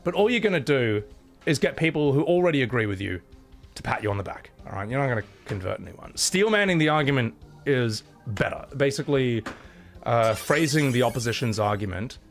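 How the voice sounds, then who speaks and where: A man with a Scottish accent chatting casually on a live stream, blunt and sweary, thanking viewers between rants. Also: medium pitch. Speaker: livestreamer.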